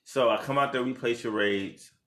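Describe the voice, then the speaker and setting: A young man casually retelling a story with his partner, animated and laughing, jumping into high voices when quoting people. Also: normal speed. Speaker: co-host telling the proposal story. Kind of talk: casual couple chat.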